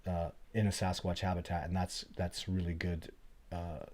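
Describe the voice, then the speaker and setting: A middle-aged man hosting a casual live Q&A, telling stories in an animated, blunt, plainspoken way. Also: sits low, normal speed. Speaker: host of a livestream Q&A.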